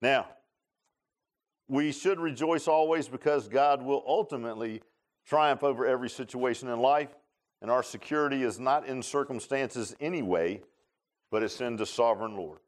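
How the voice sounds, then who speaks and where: A man's voice: mid-range voice, normal speed. A man preaching a folksy sermon, joking with his congregation and calling on people by name. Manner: folksy, animated, laughing, talks to congregation by name. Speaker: pastor. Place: church sanctuary.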